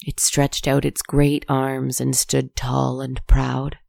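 A calm storybook narrator with a measured, soft delivery. The voice has a creaky, gravelly texture and stays fairly level in pitch. It is recorded close and dry. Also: dry recording. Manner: calm, measured, softly spoken.

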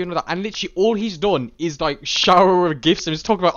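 A man co-hosting a casual film review chat, blunt and animated, acting out what characters say. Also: high-pitched, fast talker, few pauses. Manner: blunt, animated, acts out quotes. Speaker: podcast co-host reviewing a film. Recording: dull lo-fi sound.

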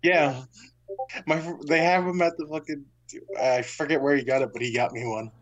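A man in a casual podcast chat, laid-back and quick to laugh. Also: on the high side, fairly even intonation, lo-fi sound.

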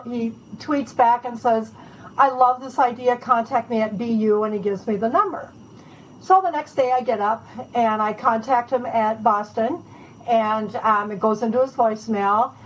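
Chatty storytelling woman, slightly high voice. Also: a little hiss or hum, rough recording. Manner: chatty, animated anecdotes with laughs. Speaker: author being interviewed. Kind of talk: casual storytelling interview.

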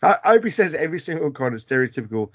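Giggly male podcast host, high and animated, dry muffled recording. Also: rapid-fire, breathy edge. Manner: giggly, jokey, laughs often. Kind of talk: tipsy casual chat.

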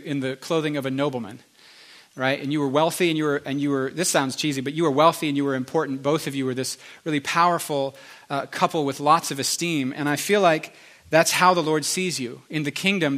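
A man ministering in prophetic prayer, speaking earnestly and repeating key phrases. His voice is bright and forward, pitched a little above the usual for a man. He often stops and restarts mid-sentence. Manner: earnest, repetitive, halting restarts.

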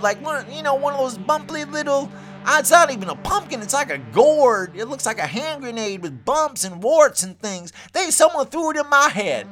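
A man's voice: extremely high pitch, expressive, moderate pace, fairly bright tone, faint music behind. A man giving a rambling, boastful comic monologue as a self-proclaimed prophet.

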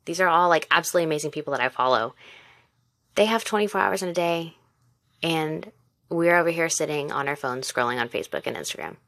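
A woman in her twenties, a mother and former teacher, hosts a casual solo podcast and speaks candidly and encouragingly right to the listener. She has a deep, slightly bright voice and talks fast, with no echo.

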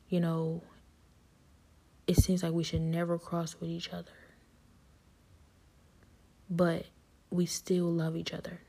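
A woman telling a personal story in a casual, earnest way, with loose informal grammar, often dropping to a soft whisper. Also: fairly low pitch, vocal fry.

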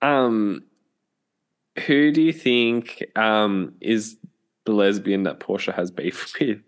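Slow, low-voiced man with dry remarks. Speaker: podcast co-host. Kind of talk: casual chat.

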